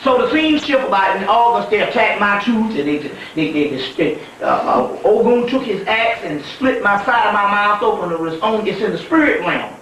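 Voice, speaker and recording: A male spiritual teacher delivers a profane, emphatic storytelling lecture and breaks into laughter often. His voice sits very high for a man. It is captured from a distance in a heavily echoing room, with a light hiss of noise underneath. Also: lively intonation, normal speed, few pauses, a bit bright. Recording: echoey room from far off, faint noise.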